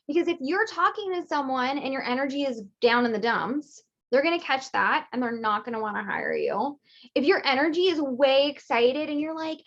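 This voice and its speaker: A woman business coach teaching in a casual, lively way, acting out little quoted voices with big jumps in pitch. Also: lo-fi sound. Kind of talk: teaching monologue.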